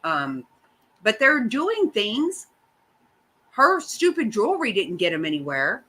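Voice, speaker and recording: A woman's voice: on the high side, wildly swooping pitch, slow pace, sharp tone, rough recording. A middle-aged woman hosting a casual chat, ranting bluntly and swearing often. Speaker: host.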